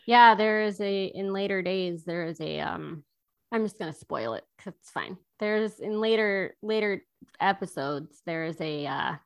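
A woman co-hosting a podcast in casual chat about a TV series, animated, laughing often and jumping between thoughts. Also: medium pitch, unhurried, creaky, clean tone.

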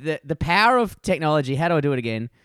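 A man's voice: on the high side, sing-song, very fast, a bit bright, clear, resonant tone, no echo, studio quality. A man co-hosting a casual podcast over a video call, ranting and swearing as he tells a story with lots of energy. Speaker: podcast co-host.

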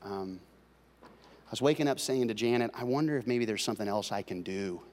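A male pastor preaching a sermon, swinging between loud, driving passages and quiet, confiding talk with his congregation. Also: lowish voice, fairly quick. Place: large church hall. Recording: long hall reverb.

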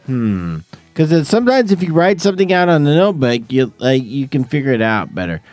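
A man's voice: mid-range voice, big pitch swings, fairly quick, a little mellow, no room sound, soft background music. A man hosting a podcast from a garage studio, rambling and laughing through tipsy banter. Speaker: podcast host. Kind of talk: casual chat.

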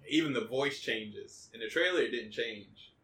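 A man chatting casually about a horror movie, animated and laughing as he acts out scenes. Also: medium pitch, normal speed. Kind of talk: casual movie review chat. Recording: roomy distance from mic with faint background noise.

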